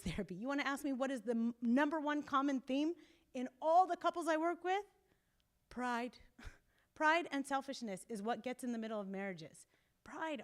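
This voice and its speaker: A woman couples therapist talking to a group in a church meeting, animated and emphatic, laughing now and then as she acts out quotes. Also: high-pitched. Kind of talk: casual talk to a group.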